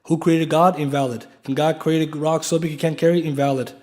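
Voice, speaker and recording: A man's voice: a little high, fairly even intonation, quick pace, darkish tone. A man giving a lecture in a mosque, emphatic and full of rhetorical questions, spelling out key terms for his students. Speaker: Islamic lecturer. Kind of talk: classroom lecture.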